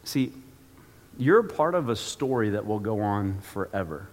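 A man's voice: on the low side, animated, a little slow, in a large hall. A man preaching a sermon as pastor, telling a personal story with acted-out asides.

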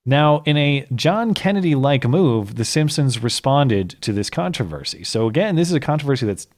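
Male podcast host, mid-pitched, argumentative explainer. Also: sing-song, normal speed, a little mellow. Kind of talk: casual political commentary.

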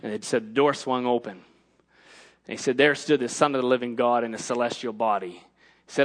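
A man preaching a sermon, punctuating his lines with "Amen" and rising to shouted emphasis. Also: medium pitch, steady tone, brisk.

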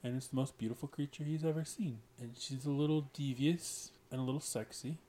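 A man's voice: medium pitch, steady tone, fairly quick, dark tone, a little hiss or hum. Hesitant man retelling a story. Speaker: podcast guest, writer. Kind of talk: casual chat, retelling a story.

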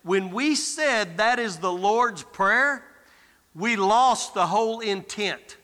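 Male guest preacher, bright ringing tone, rallies the congregation, long church reverb. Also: high voice, expressive, slow. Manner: exhorting, calls out to the congregation. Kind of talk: sermon. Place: church sanctuary.

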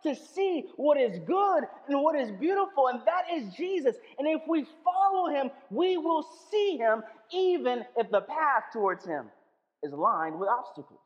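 Man, sermon, conversational, loud then hushed, high voice, dull sound. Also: big pitch swings, a little slow, in a large hall. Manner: conversational, playful, swings between loud and hushed. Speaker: preacher.

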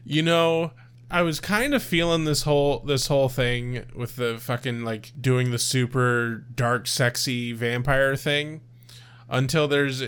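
A man's voice: medium pitch, fairly even intonation, unhurried, a bit bright, clean tone. A man co-hosting a podcast, chatting casually in a laid-back, profane way with frequent laughs. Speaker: podcast co-host. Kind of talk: casual chat.

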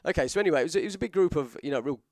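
A man's voice: on the high side, very fast, no echo, studio quality. A man co-hosting a podcast, a wrestler, telling long rambling stories in casual chat and perking up when he quotes people. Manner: rambling storyteller, animated when quoting others.

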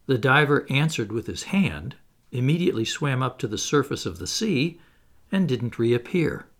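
A man narrating a classic novel in the first person as an audiobook, in a measured, expressive storytelling manner. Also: mid-range voice.

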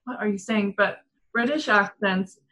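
A woman's voice: medium pitch, moderate pace, pushed and bright, low-quality recording. A woman in casual chat, giggling often and talking with lots of fillers. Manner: giggly, chatty, many fillers.

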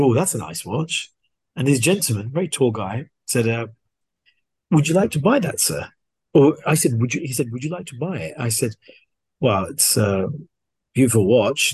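A man, a podcast guest, casually telling a story and acting out the dialogue in an animated way. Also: medium pitch, breathy edge, no room sound. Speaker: guest watch collector.

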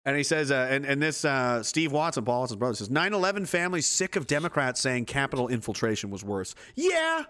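A man's voice: medium pitch, very animated, a little fast, few pauses, sharp tone. A man giving angry, profane, sarcastic political commentary.

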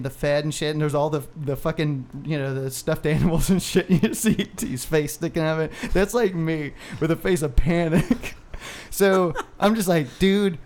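Male podcast co-host, thirties, slightly high voice, loose profane storytelling, laughs a lot. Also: a little mellow. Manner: profane, rambling, laughs often. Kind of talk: casual storytelling.

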